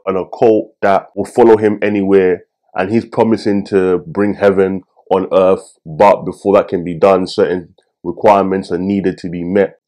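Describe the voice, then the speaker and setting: Low mellow-voiced man ranting casually. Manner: animated, swearing, jokey asides. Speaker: film review host. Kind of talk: casual review rant.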